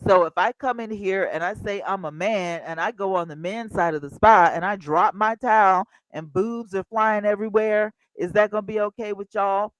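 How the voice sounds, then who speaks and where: A woman's voice: medium pitch, moderate pace, hardly any pauses, no echo, close to an everyday voice, low-quality recording. A woman acting out a furious female spa customer who rants indignantly at the staff. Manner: indignant, demanding ranting.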